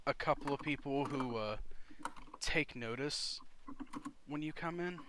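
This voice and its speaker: A man narrating as game master of a tabletop game, slow and halting with many fillers. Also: mid-range voice, background noise.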